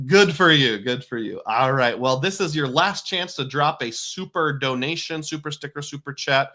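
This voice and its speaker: Bright-voiced man hosting a livestream. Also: medium pitch. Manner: reads viewer comments and thanks donors, chuckling often. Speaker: livestream host. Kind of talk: casual live-stream chat.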